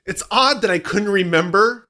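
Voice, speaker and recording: A man's voice: sits high, normal speed. A man co-hosting a podcast in casual chat, joking and poking fun at himself. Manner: joking, self-mocking, animated. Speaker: podcast co-host.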